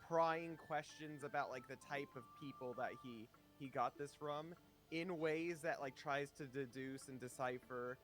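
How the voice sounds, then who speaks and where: A man playing a tabletop game, chatting in a relaxed way as he describes his character's actions. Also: medium pitch, measured pace, soft background music. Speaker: player.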